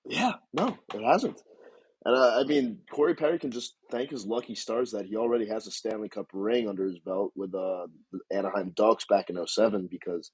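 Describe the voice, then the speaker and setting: A man co-hosting a casual sports podcast, laid-back and quick to agree with his co-host. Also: on the low side, a little mellow, breathy edge, rough recording.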